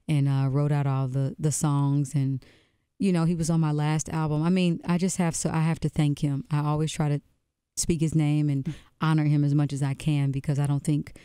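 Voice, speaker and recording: A woman's voice: deep voice, warm tone, clean tone, no echo, studio quality. A woman musician being interviewed on the radio, telling stories in a reflective way and often restarting phrases. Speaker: guest musician. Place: radio studio.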